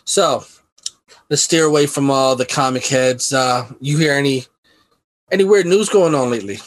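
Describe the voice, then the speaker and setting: Male co-host, laid-back conversational tone, mid pitch. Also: normal speed, low-quality recording. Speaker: podcast co-host. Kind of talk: casual chat.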